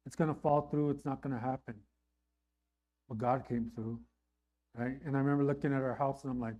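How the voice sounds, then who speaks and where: Preaching in a conversational style, a middle-aged pastor talks a little fast with a steady, darkish tone. "Right?" comes up often, and his pitch and volume climb on emphatic lines.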